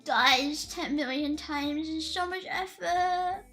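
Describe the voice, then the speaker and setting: A woman's voice: high-pitched, slow pace, fairly bright tone. A woman streamer in casual chat, playful, giggly and silly. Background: faint lo-fi music.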